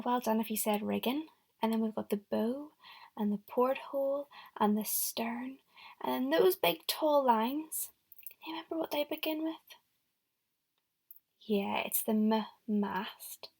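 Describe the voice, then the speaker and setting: A woman's voice: a little high, creaky, slightly rough. A young woman teacher giving a recorded lesson to young children, encouraging them and speaking straight to them. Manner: encouraging, talks directly to the children. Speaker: primary school teacher.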